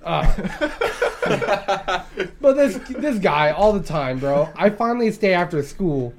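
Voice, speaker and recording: A man's voice: high-pitched, big pitch swings, takes it slowly, slight background noise. A young man co-hosting a casual chat with friends, telling crude stories, swearing freely and laughing often. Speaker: podcast co-host.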